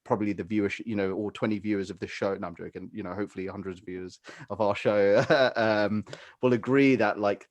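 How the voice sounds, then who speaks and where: Podcast co-host, British man, lowish voice, loose opinionated rambling, dry close sound. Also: steady tone, fairly quick, dry recording. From Britain. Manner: rambling, opinionated, many fillers. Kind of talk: casual chat.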